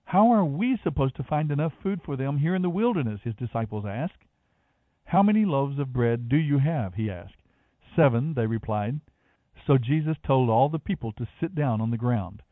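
Scripture reader, male, measured and expressive, narrow phone-like sound. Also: medium pitch, no echo. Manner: measured, expressive reading of dialogue. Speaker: Bible reader. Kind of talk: scripted Bible reading.

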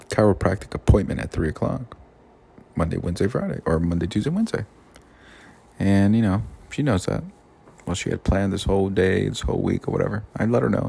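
A man hosting his own podcast, telling a personal story in an animated way and acting out the people in it with a raised voice. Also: low voice, gravelly. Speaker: podcast host. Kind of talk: personal monologue addressed to someone.

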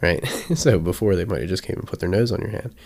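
A man's voice: sits low, fast, gravelly, darkish tone. A man teaching dog training in a casual, chatty way, often checking in with his listeners and acting out his examples. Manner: acts out examples with sudden bursts.

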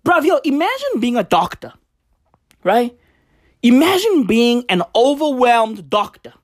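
Profane high-voiced woman doing stand-up. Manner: profane, emphatic, repetitive. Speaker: stand-up comedian. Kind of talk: stand-up rant.

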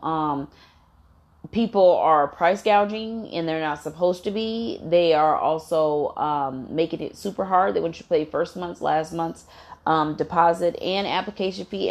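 Low-voiced woman ranting casually. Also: darkish tone. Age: adult with a daughter. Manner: blunt, swears freely, heavy fillers. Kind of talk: casual storytime rant.

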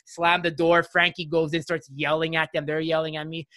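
Animated, profane male storyteller. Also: on the high side, moderate pace, few pauses, no echo, studio quality. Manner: animated, profane storytelling, acting out other people's voices. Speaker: guest, airline pilot. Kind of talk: casual podcast chat.

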